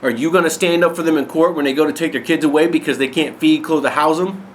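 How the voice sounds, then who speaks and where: A man's voice: a little high, steady tone, fast, slight background noise. Angry profane man ranting. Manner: angry, blunt, heavy swearing. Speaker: vlogger ranting to viewers. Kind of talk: angry profane rant to camera.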